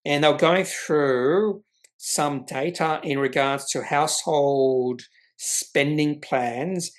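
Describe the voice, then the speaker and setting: A man's voice: fairly high pitch, slow. A man giving casual stock market commentary, reading from company updates and adding his own asides. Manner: conversational, reads from reports with asides. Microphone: webcam.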